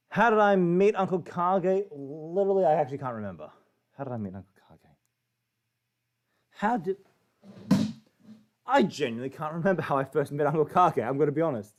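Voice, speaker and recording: A man's voice: on the high side, darkish tone. A young Australian man in a casual, profane, jokey chat, telling a story as a livestream guest.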